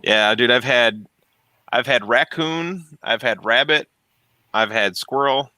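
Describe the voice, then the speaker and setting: A man's voice: mid-range voice, slow pace, pushed and bright, dry recording. A man streaming while he works, chatting casually, rambling, laughing often and trailing off as he searches for words. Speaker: streamer fixing printers. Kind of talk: casual chat. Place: home workshop.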